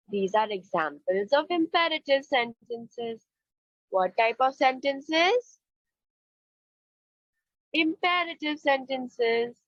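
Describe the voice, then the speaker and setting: A woman teaches grammar to children over a video call, her fairly high voice swooping up and down in a lively sing-song. She talks slowly and deliberately, coaxing answers out of her class. The sound is dull and lo-fi, close and dry. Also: no echo. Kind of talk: online grammar lesson for children.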